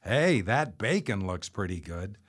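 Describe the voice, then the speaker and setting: A man's voice: on the low side, big pitch swings, unhurried. A man putting on a brash, cheeky woman artist. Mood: brash teasing. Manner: loud, cheeky and familiar. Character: brash, teasing middle-aged woman artist.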